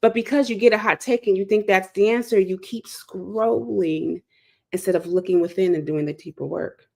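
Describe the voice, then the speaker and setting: Woman, from Chicago's South Side, host. Emphatic, sermon-like monologue with repeated lines, medium pitch. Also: moderate pace, vocal fry, darkish tone. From South Side of Chicago, USA. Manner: emphatic, preacher-like, repeats key phrases. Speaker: host and speaker. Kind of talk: impassioned monologue.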